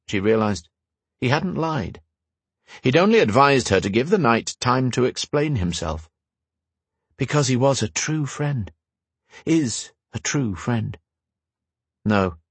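Husky guy reading a fantasy book aloud, dry close sound. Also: mid-range voice, big pitch swings, unhurried, long pauses, dry recording. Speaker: audiobook narrator. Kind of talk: scripted narration.

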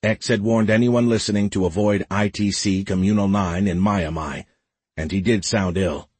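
Male narrator, husky voice, lowish pitch, dry close sound, steady reading. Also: no echo. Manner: steady, measured storytelling. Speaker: audiobook narrator. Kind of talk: scripted narration.

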